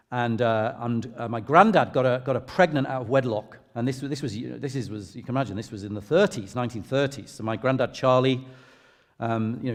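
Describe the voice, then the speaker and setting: A middle-aged English vicar sharing a personal testimony in church, in a conversational, self-deprecating storytelling way. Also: male voice, medium pitch. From England. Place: church hall. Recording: long reverb of a large hall.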